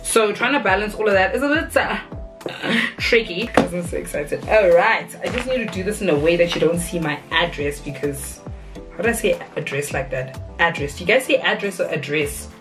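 A woman's voice: on the low side, normal speed, over music. Bubbly chatty young woman vlogging. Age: young adult. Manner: bubbly and chatty, squealing when excited. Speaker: content creator. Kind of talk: excited casual vlog.

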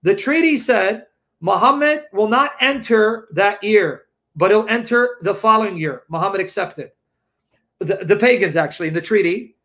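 A man's voice: sits high, normal speed, fairly bright tone. A man telling a story as commentary in an emphatic, incredulous way, acting out the quotes. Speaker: religious debate show co-host.

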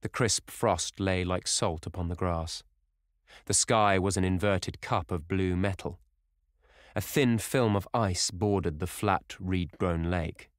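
Deep-voiced male audiobook narrator. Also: dry recording, clean studio sound. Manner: measured, even storytelling. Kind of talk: scripted narration of a novel.

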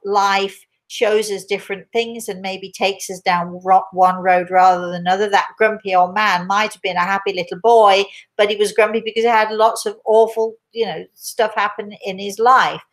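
An older woman with an English accent, a spiritual medium answering viewer questions in a gentle, rambling way with many restarts. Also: mid-range voice, fairly even intonation, normal speed. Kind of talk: live Q&A chat.

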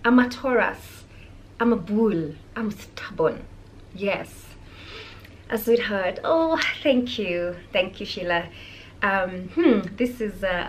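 A young Kenyan woman vlogging, speaking calmly and softly as she reads out viewer comments and answers them. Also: mid-range voice, a little hiss or hum. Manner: calm, soft-spoken, reads viewer comments aloud and replies. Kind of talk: casual vlog chat.

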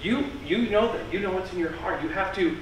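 Earnest high-voiced pastor in echoey church. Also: male voice, brisk, a little hiss or hum. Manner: earnest, emphatic, with repeated phrases. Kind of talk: sermon. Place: church sanctuary. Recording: echoey church heard from a distance.

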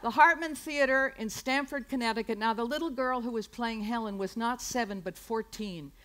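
A woman's voice: on the high side, moderate pace, fairly bright tone. A woman in her sixties from San Francisco, performing a wry, self-mocking comic monologue on a live club stage into a stage microphone. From San Francisco, United States.

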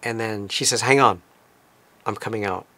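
A man casually recounting a trip as a vlogger, in a relaxed, conversational storytelling manner. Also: lowish voice, moderate pace, no room sound. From lives in Tokyo. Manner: relaxed, conversational retelling with fillers.

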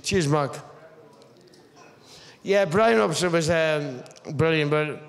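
A man in his fifties with a Geordie accent tells rambling stories on stage, swearing freely and restarting often. His voice sits fairly high and has a gravelly edge. It carries a long hall reverb from a stage mic. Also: slow. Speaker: guest speaker. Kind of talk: stage anecdote telling.

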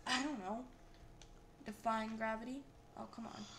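A young woman commenting casually on her gameplay, excitable and quick to yell or laugh at the game. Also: fairly high pitch, slight background noise. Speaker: gameplay video host.

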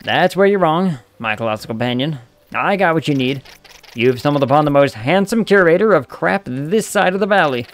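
A man's voice: a little high, animated, normal speed. A man voicing Took, a scrappy male raccoon junk dealer with a brash, wheeling-dealing patter, as he reads a video game aloud.

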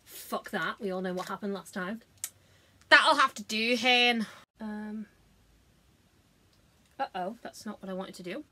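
A woman's voice: medium pitch, a little slow, long pauses, sharp tone. A woman, chatting casually through a makeup tutorial, sweary, giggly and self-mocking. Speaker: beauty vlogger.

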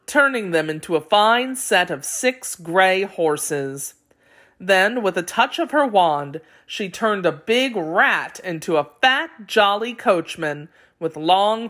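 A woman narrating a children's fairy tale aloud in a clear, expressive read-aloud style. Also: fairly low pitch. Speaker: story reader. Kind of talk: storybook narration for young children.

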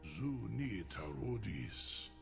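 An actor playing a grave, solemn ancient male dragon who speaks slowly and in a measured way in a video game, with a gravelly voice. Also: fairly low pitch, very animated, faint music behind, full character voice.

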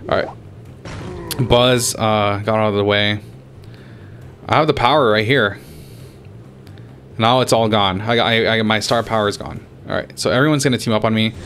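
A man's voice: lowish voice, fairly bright tone. A young man giving casual gameplay commentary, getting frustrated, swearing and trash-talking opponents as he plays. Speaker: gaming YouTuber.

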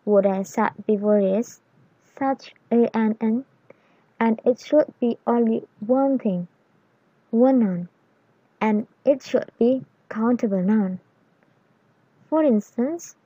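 A woman explaining English grammar in a lesson, reading example words and phrases deliberately. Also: a little high, warm tone, husky, no echo, muffled recording.

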